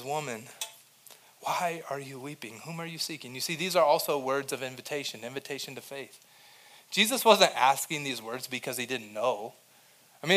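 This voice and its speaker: A man preaching a sermon, his voice sitting somewhat high for a man. He talks to his congregation conversationally, dropping to near-whispers and then rising to stronger emphasis, with pitch that swings widely. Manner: conversational preaching with shifts between soft and emphatic delivery. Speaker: pastor.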